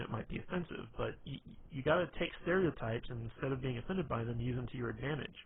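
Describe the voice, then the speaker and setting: Casting: man with an average voice, chatty advice presenter, lots of fillers, faint hiss. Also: medium pitch. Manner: rambling, heavy with fillers like "you know". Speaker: dating and humor advice presenter. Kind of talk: casual instructional talk. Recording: tinny phone-like line, faint hiss.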